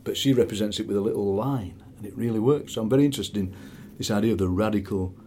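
A middle-aged man with a Barnsley accent, a poet chatting in an interview and reading his poems, lively and fond of doing voices. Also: on the low side, fast, slight background noise. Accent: Barnsley, South Yorkshire. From South Yorkshire, England. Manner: animated storyteller, slips into quoted voices. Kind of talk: conversational interview with poetry reading.

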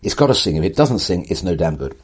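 Very deep husky older man. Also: sing-song, fast talker. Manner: eloquent, wry, theatrical, breaks into voices. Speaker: writer, interview guest. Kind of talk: animated conversational storytelling.

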